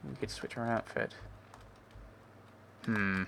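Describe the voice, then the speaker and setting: Gravelly-voiced man, casual let's-play chatter, musing to himself. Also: lowish voice, takes it slowly, fairly bright tone, slight background noise. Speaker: game player. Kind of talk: casual gameplay commentary.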